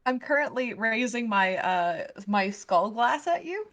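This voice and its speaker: A woman's voice: a little high, expressive, a little slow, fairly bright tone. A woman chatting casually on a game stream as a player, rambling and correcting herself as she talks.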